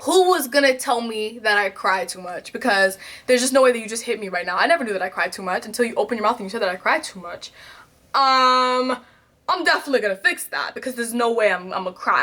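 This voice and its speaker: Animated young woman in a confessional vlog. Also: fairly high pitch, fast. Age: 20s. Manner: animated storytelling with sudden loud outbursts and quiet asides. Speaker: vlogger.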